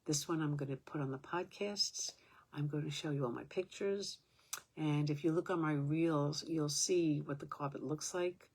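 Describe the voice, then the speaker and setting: A woman's voice: low-pitched, normal speed, breathy edge. An older woman at home, talking to her own camera in a rambling, aggrieved way, with many fillers. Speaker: vlogger. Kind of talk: casual talk to camera.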